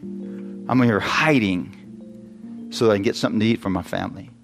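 A man's voice: fairly low pitch, normal speed, gravelly, soft background music, pitched below the performer's own voice. Exasperated man complaining about hiding, done by a preacher in a sermon. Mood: frustrated.

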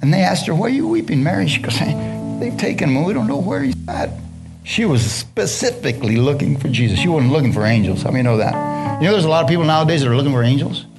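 A man's voice: on the high side, very animated, fast, music in the background. A man preaching a sermon, reading scripture then breaking into casual, slangy asides and questions to the congregation.

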